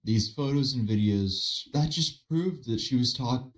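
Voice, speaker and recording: A man's voice: mid-range voice, a little slow, noisy background. A man narrating a commentary video in a wry, incredulous way.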